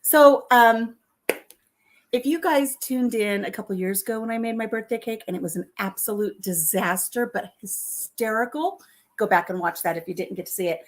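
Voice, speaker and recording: A woman's voice: a little high, moderate pace, slight background noise. A middle-aged woman vlogging from her home kitchen, telling self-deprecating stories to her viewers and laughing often. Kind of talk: chatty storytelling to live viewers.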